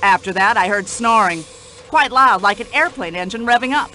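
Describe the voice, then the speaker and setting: A woman's voice: medium pitch, moderate pace, pushed and bright, a little hiss or hum, lightly acted, rough recording. A woman voicing a talkative, indignant older widow in a radio play, speaking. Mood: gossipy. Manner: indignant, chatty, complaining.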